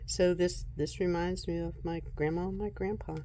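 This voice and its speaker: A woman vlogging casually at home about her tarot decks, soft-spoken and unhurried, often breaking into giggles. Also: fairly low pitch, fairly even intonation, noisy background. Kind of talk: casual show-and-tell vlog.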